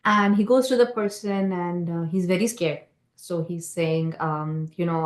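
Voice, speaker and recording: A woman giving a scripture class at a temple. She tells stories conversationally, halting with many fillers and restarts and often asking "right?" to the listeners. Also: fairly low pitch, fairly even intonation, echoey room. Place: temple hall.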